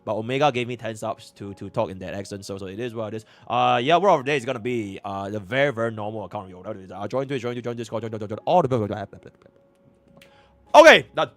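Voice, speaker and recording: A man from Singapore with a Singaporean English accent, streaming a game account review in an excitable, profane way that swings between loud bursts and muttering. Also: fairly low pitch, quick pace.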